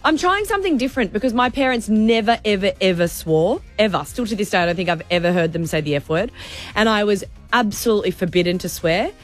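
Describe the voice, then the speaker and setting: A woman's voice: medium pitch, lively intonation, fast, soft background music. A woman in her thirties with an Australian accent, co-hosting breakfast radio in a studio, frank and self-mocking. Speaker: radio co-host. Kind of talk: casual breakfast radio chat. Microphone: studio microphone.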